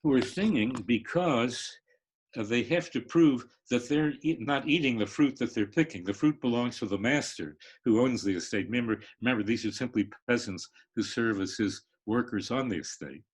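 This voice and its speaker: Older male professor, husky tone, rambling lecture delivery with many fillers. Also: medium pitch. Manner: halting, many fillers and restarts, sings rhythms. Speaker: literature professor. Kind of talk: lecture-style discussion. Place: online live stream.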